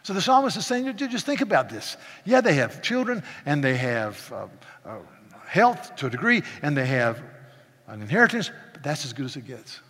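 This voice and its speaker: A man preaches with fervor, his voice pitched a little high. He moves between hushed asides and loud, ringing declarations, stumbling over restarts. The sound carries the long reverb of a large hall. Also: sing-song, normal speed. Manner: passionate, swings from soft to loud, stammering restarts. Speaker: pastor. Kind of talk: sermon.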